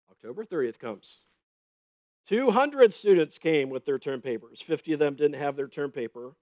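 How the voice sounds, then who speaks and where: A man's voice: fairly high pitch, expressive, normal speed, darkish tone, dry recording. A man giving a conversational Bible teaching, telling stories with gusto and often checking in with "right?". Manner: chatty, keeps asking "right?", retells stories with gusto; laughs at his own stories.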